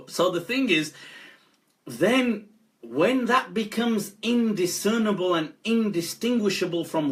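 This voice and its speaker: A scholar talking casually on a live stream, animated and laughing often as he speaks. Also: on the high side. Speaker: Islamic scholar.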